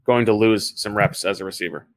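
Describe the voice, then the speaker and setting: A man's voice: on the low side, a little fast. A man on a sports podcast panel, chatting casually and rambling with lots of fillers.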